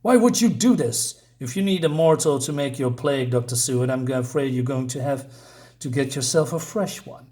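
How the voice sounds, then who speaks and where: A man's voice: mid-range voice, normal speed, warm tone, natural voice. A man voicing Renfield, a vengeful former vampire, reading his lines in a bitter, scornful way.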